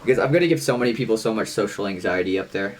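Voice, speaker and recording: A young man co-hosting a podcast in casual chat, loud, boastful and swearing freely. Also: lowish voice, lively intonation, very fast. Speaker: podcast co-host.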